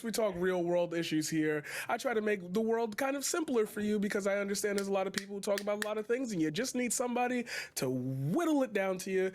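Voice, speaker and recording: A man streamer introducing himself on a panel, showy and self-hyping, breaking into announcer-style shouts. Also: high voice, expressive, a little fast, hardly any pauses. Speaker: streamer guest. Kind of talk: casual livestream panel chat.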